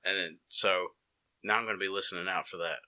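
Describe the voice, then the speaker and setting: Low-voiced man, casual host. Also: steady tone, crowd noise. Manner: laughs often, quick reactive interjections. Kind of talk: casual chat.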